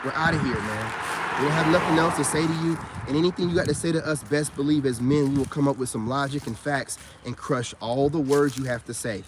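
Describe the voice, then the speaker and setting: A man's voice: mid-range voice, a little fast, noisy background. A man ranting in a combative vlog monologue. He repeats himself and keeps dropping "you know what I'm saying.". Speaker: vlogger.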